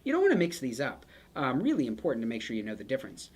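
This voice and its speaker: Casual, animated nursing lecturer, joking asides, very expressive pitch. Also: very fast, breathy edge. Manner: chatty and joking, with playful asides to students. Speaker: nursing pharmacology instructor. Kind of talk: casual lecture with picture mnemonics.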